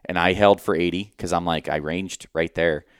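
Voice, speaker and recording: A man co-hosting a podcast, telling a hunting story in casual chat, animated and swearing freely as he acts out what he was thinking. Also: low voice, normal speed, clear, resonant tone, no echo, clean studio sound. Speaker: podcast co-host.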